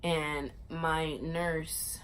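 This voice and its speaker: A young woman vlogger telling a long personal story in a casual, animated way, acting out other people's lines in a raised voice. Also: low voice, drawn-out words, a little hiss or hum. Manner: animated, acts out the nurses' and her own lines in raised voices, laughs often.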